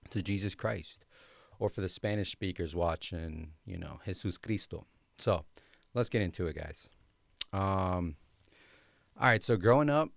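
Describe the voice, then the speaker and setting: A man's voice: on the low side, clear, resonant tone, no echo, clean studio sound. A young man hosting a podcast, telling his personal story in a casual, slangy way with lots of fillers. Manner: laid-back, slangy, many fillers. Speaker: podcast host.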